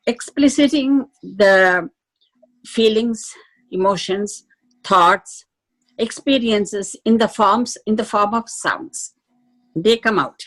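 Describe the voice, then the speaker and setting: A woman teaching a lecture in a slow, explanatory way, pausing to check with listeners. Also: on the high side, poor audio. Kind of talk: lecture on Sanskrit phonetics.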